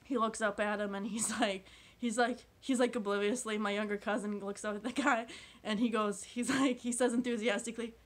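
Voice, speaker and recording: A woman's voice: on the high side, steady tone, brisk. A woman vlogger rambling through a comedic monologue, full of filler words and frequent laughs. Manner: meandering, constant filler "like", laughs often.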